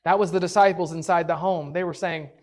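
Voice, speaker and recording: A woman teaching a Bible story in a casual, animated way, chatty and full of "like", acting out the characters' lines. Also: fairly low pitch. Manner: animated, acts out the characters' lines in quick voices; chatty, peppered with "like".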